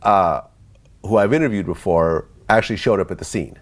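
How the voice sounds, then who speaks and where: Male interviewer, lowish voice, short prompts, casual interview. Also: fairly quick.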